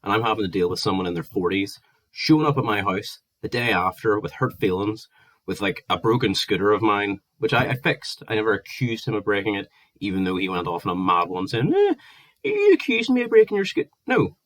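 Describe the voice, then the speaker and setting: A man's voice: fairly low pitch, a little fast, a bit bright. A Northern Irish man in his twenties, ranting angrily and swearing at length in a vlog. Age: 20s. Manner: heated, sweary, exasperated ranting. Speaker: vlogger. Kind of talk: angry ranting monologue.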